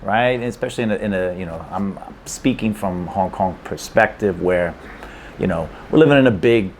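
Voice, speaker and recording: A man with a fairly low voice teaches in a relaxed, conversational way, often stopping to check in with a quick "okay?" or "right?". His tone stays playful and easygoing, with a faint hiss of background noise. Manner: checks in with frequent 'okay?' and 'right?'; laid-back, playful. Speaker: language teacher. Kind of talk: casual explainer lesson.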